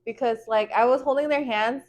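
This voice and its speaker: A young woman, co-hosting a casual podcast chat and telling stories in an animated, giggly way with quoted dialogue. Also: fairly high pitch, brisk. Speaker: podcast co-host.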